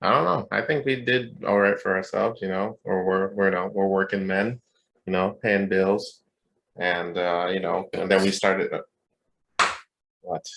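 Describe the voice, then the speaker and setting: A young man with a fairly low voice co-hosts a podcast in loose, casual chat. He jokes, swears freely, and rambles from one point to the next. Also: fairly even intonation, a little slow, gravelly, fairly bright tone, muffled recording. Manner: joking, profane, rambling. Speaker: podcast co-host.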